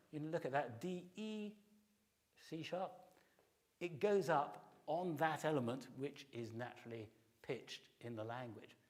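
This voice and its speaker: A man's voice: medium pitch, a little mellow. A middle-aged man, a classics professor, giving a public lecture and explaining in detail, at times singing short phrases to illustrate. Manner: explanatory, sings short snatches of melody to illustrate. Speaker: classics professor giving a pre-concert talk.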